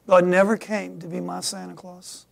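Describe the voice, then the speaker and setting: A middle-aged man from Michigan preaching a sermon as pastor, swinging from quiet asides to loud emphatic peaks. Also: high-pitched, completely flat delivery, normal speed, creaky. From Michigan, USA.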